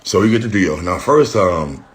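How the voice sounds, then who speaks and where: A middle-aged man with a lowish voice talks into his phone on a livestream. He rambles in a heated way, full of slang and swearing. When he quotes people to mock them, his voice jumps higher. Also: expressive, moderate pace. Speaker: rapper responding on a livestream. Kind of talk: casual livestream rant.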